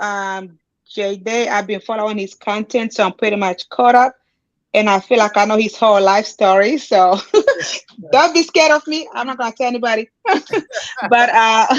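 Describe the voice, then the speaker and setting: A woman's voice: a little high, a bit bright, no echo. Woman, friendly giggly caller, hesitant ums, dull dry call audio. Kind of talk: casual live-stream chat. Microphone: remote call.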